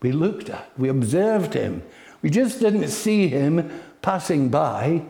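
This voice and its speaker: Man, preacher, sermon, slow, gravelly, emphatic. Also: on the high side, big pitch swings. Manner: slow, rising to loud emphatic peaks.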